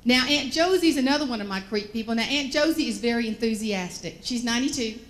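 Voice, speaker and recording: Southern woman motivational speaker, folksy humor, fairly high voice. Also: fast. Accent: Southern American. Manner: folksy, animated storyteller. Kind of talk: humorous keynote storytelling.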